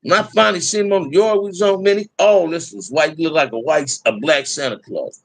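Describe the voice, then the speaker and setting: A man's voice: fairly high pitch, a little fast, creaky, hardly any pauses, a bit bright, no room sound. A middle-aged man telling prison stories in casual talk to a live chat, candid and laid-back, full of street slang.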